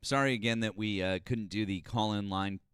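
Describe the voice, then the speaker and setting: A man's voice: on the low side, fairly even intonation, a little fast, fairly bright tone, clean tone, no echo, studio quality. A man hosting a casual political live stream, talking in a sarcastic, exasperated way. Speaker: host.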